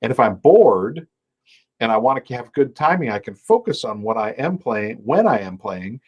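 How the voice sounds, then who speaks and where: With a medium-pitched, very animated voice that has a breathy edge, a man runs a live online lesson on musical timing at a moderate pace, though the recording is muffled. Playing dulcimer himself, he explains patiently, counts beats, scats rhythms and sings snippets of a folk song.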